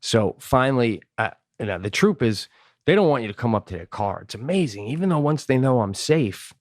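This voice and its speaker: A profane, animated male storyteller. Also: mid-range voice, brisk, no echo, clean studio sound. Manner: animated, profane, acts out quoted voices; swears often. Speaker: podcast host. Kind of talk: comedic storytelling.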